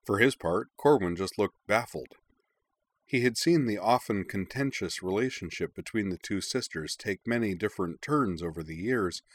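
A man narrating a story in a measured, expressive reading. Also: on the low side, no echo. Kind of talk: audiobook narration of fan fiction.

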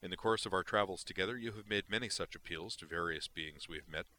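A man reads an unflappable male alien officer, in an audiobook, with a deep, low voice and crisp, bright diction. Every word is measured, formal and free of feeling. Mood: calm. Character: calm, precise male alien science officer.

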